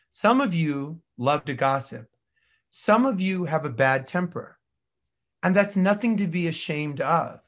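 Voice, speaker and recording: A middle-aged male dentist giving a casual, animated lecture, swinging between loud bursts and quiet asides. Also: on the high side. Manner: casual slang and mild swearing. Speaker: dentist teaching a practice management course. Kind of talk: recorded continuing-education lecture.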